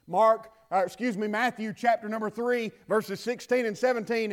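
High-voiced preaching pastor. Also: male voice, steady tone, normal speed, hardly any pauses. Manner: preaching with scripture readings, swinging from loud proclamations to hushed asides. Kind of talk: sermon.

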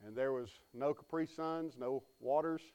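A man's voice: medium pitch, steady tone, normal speed, dark tone, clear, resonant tone, muffled recording. A man preaching a sermon, telling folksy stories and calling on the congregation to respond. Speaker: pastor.

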